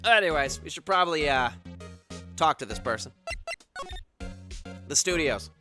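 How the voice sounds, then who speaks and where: A man's voice: fairly high pitch, animated, measured pace, pauses often, over music. A man casually commenting while playing a game live, laughing at himself in asides. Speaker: streamer. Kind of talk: live let's-play commentary.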